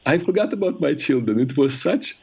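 A man hosting a call-in advice show, speaking earnestly and reflectively with frequent halting restarts. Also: on the high side, expressive, vocal fry, darkish tone, slightly rough. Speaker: radio show host and therapist. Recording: muffled radio broadcast sound.

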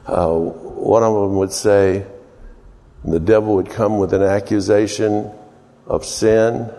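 A man preaching an informal sermon, rambling and unhurried with many fillers, his voice ringing with long hall reverb. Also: lowish voice, fairly even intonation, mellow.

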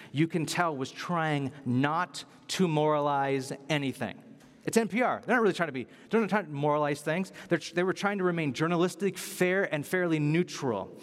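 Preacher, male, slightly high voice, conversational but emphatic sermon delivery, repeats key points, long reverb of a big hall.

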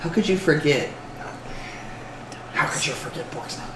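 A game master voicing a greedy male goblin cloth seller in a raspy, hissing creature voice, slow and obsessive. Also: mid-range voice, a bit bright, reverberant, voice pushed down, natural voice, poor audio.

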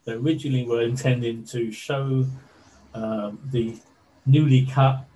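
A man being interviewed, telling a story in a casual, animated way with lots of fillers. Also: medium pitch, unhurried, a little hiss or hum, rough recording. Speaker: interview guest.

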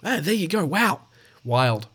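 A man's voice: fairly high pitch, sing-song, measured pace, fairly bright tone, breathy edge. A man with an Australian accent hosting a casual show, reading out animal news stories and tossing in swearing asides. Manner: stumbles over names, swears in asides.

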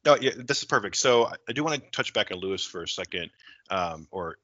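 A man's voice: on the low side, expressive, fairly quick, pushed and bright, no echo, lo-fi sound. A man in his forties co-hosting a casual film podcast, rambling with lots of fillers and casual swearing. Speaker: podcast co-host.

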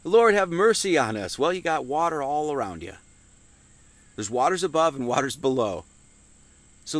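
A man's voice: fairly high pitch, big pitch swings, moderate pace, long pauses, no room sound. A man giving an informal Sunday Bible teaching, asking and answering his own questions and reading verses aloud with lifted emphasis. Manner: conversational, asks and answers his own questions, reads scripture with rising emphasis.

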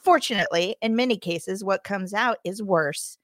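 A woman's voice: mid-range voice, normal speed, fairly bright tone, no echo, studio quality. A woman co-hosting a podcast who chats casually, laughs often and reads out a rant from a script. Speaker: podcast co-host. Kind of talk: casual chat and reading a rant. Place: home recording room.

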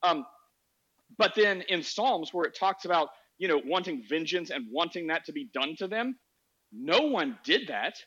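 A man's voice: on the high side, lively intonation, moderate pace, a bit bright, slightly rough, lo-fi sound. A man hosting a podcast, telling a story in a sarcastic, laughing, casual way on a social audio app. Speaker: podcast host.

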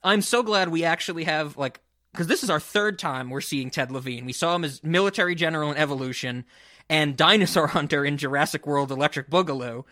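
A man's voice: a little high, brisk, pushed and bright, dry recording, clean studio sound. A man co-hosting a casual film podcast, enthusiastic and often quoting lines. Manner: enthusiastic, quotes lines in put-on voices. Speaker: podcast co-host.

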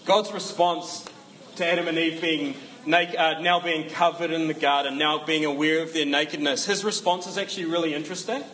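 A man's voice: a little high, fairly even intonation, brisk, fairly bright tone, a little hiss or hum, low-quality recording. A man preaching a casual sermon, joking asides and emphatic repetition.

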